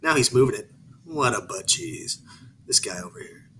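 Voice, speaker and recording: A man joking around on a podcast, his voice swinging widely in pitch. He teases and laughs easily, over a clear layer of background noise. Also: normal speed. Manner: teasing, lively, laughs easily. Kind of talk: casual podcast banter.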